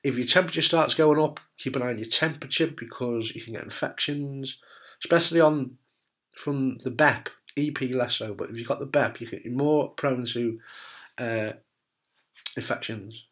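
A man's voice: mid-range voice, normal speed, fairly bright tone. Blunt man giving frank advice. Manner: blunt, frank, swears, jokey. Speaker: testicular cancer survivor giving advice. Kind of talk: casual talk to camera.

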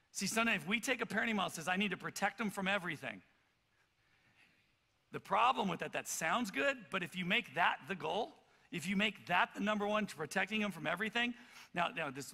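Male pastor with a high, bright voice, animated storytelling sermon in a reverberant church hall. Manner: animated, loud acted-out storytelling with many stammered restarts. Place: church auditorium.

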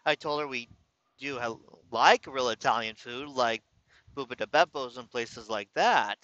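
A man from California telling a personal story in a slow, reflective, casual way, pausing and restarting as he goes. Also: medium pitch, pushed and bright, no echo, dull audio. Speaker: vlogger.

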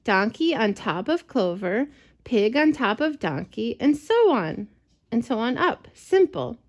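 A woman voicing a proud, silly female goose in a storybook read-aloud, speaking with brisk confidence. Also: a little high, very animated. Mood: smug. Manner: confident, self-assured, brisk.

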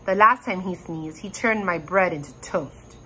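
A woman's voice: fairly low pitch, normal speed, pushed and bright, a little hiss or hum, poor audio. A woman doing Rory, a bold joking boy. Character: bold boy dragon master, quick to joke.

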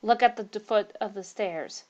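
Woman voicing a jumpy, scared man, rising high in fright, in a storybook ghost tale. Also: normal speed, a little mellow, muffled recording, close to an everyday voice. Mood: frightened. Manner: shaken, nervous, brusque. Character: frightened young male traveller.

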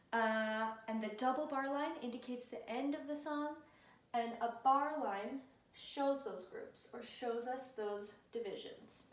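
Recorded at a distance in an echoing classroom with a whiteboard, this high female voice belongs to a music teacher cheering children on. She counts and chants together with the kids, her words reaching the mic from far away.

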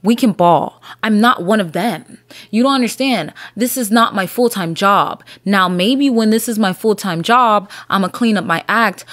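A woman's voice: medium pitch, moderate pace, fairly bright tone, dry recording. A young adult woman hosting a solo podcast, talking in a blunt, profane and rambling way. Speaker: podcast host. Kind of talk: casual solo podcast chat.

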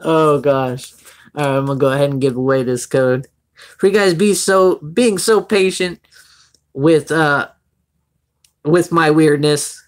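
A man's voice: fairly high pitch, takes it slowly, long pauses. A young man from Florida with a Floridian Southern accent, chatting casually on a live stream as he opens card packs and greets viewers by name.

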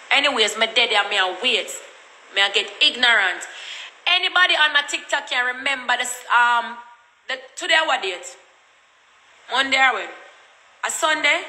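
Jamaican woman ranting, bright voice. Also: sits high, roomy sound, a little hiss or hum, poor audio. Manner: blunt, repetitive, cussing. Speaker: vlogger. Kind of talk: casual storytime rant.

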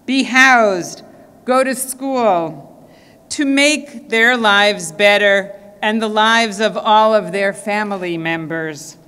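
A woman's voice: mid-range voice, fairly bright tone, clear, resonant tone. A woman senate president giving an emphatic, formal speech at a press conference. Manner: emphatic, stresses key words. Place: government press event room. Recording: reverberant hall.

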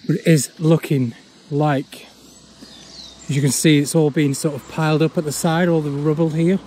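A man, chatting casually as he walks an overgrown old railway path outdoors, often pausing on "uh". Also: on the high side, fairly even intonation, darkish tone, slight background noise. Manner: chatty, with frequent "uh" pauses. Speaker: urban exploring vlogger. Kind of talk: casual walk-and-talk commentary.

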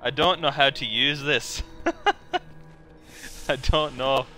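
An excitable man streams a video game from home, talking into a headset with a bright, forward voice. He jokes and pokes fun at himself as he plays. Faint music sits behind him. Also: mid-range voice, slow. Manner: excitable, joking, self-deprecating. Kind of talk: casual live-stream chat.

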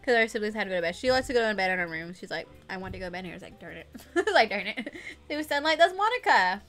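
A young woman chatting casually and giggling on a gaming livestream, excitable and quick to squeal. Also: mid-range voice. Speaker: streamer. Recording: music playing faintly behind.

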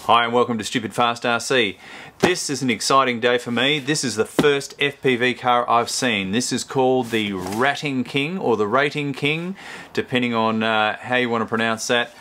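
A man's voice: medium pitch, fairly even intonation, normal speed, sharp tone. Chatty man reviewing a toy car. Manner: chatty, rambling, self-correcting. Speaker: host. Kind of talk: casual product review.

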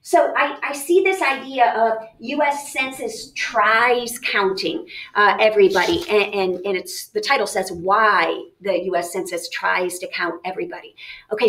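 An animated woman teacher walks students through a reading lesson, thinking aloud and firing off questions to herself. Her voice sits a little higher than most. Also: low-quality recording. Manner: lively, emphatic, thinks aloud with self-questions.

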